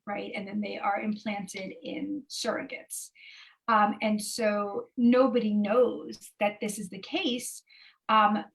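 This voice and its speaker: A woman author with a medium-pitched voice answers interview questions over a video call, and the recording is rough. She's chatty and casual, full of fillers and asides.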